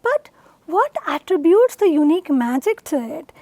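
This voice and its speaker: A woman lecturer with an Indian English accent, explaining poetry in a recorded online lecture, slowly sounding out syllables and stresses. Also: sits high, big pitch swings, a little mellow, dry recording. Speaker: university lecturer.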